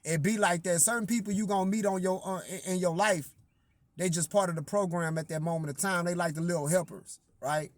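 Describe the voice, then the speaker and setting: Man, casual story monologue, slangy, loud outbursts then low asides, very dry recording. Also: steady tone, fairly quick, no echo. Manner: slangy, profane, addresses listeners directly. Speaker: singer-songwriter telling a personal story.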